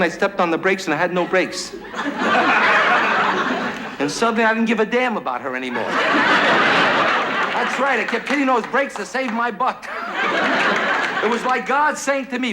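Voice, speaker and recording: A man's voice: high-pitched, lively intonation, normal speed, long pauses, heavy background noise. A middle-aged male stand-up comedian telling jokes on a TV studio stage with brash, wisecracking punchline delivery. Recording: 1970s live TV broadcast with a roaring audience. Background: audience laughter.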